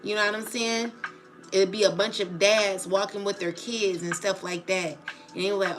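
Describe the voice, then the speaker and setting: Speaking at a moderate pace in a mid-range voice, this woman goes on an emotional livestream rant for her tarot channel while music plays behind her. She's agitated, swears in casual slang, and repeatedly asks "you know what I'm saying."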